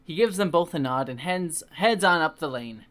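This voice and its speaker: A person reading a book aloud for comedy, giggly and expressive, breaking off for sarcastic asides. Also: mid-range voice, normal speed. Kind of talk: comic book reading with banter.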